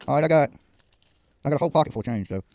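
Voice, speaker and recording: A man's voice: on the high side, animated, very fast, background noise. A man hosting a livestream in casual chat, joking, laughing often and swearing freely. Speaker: livestream host.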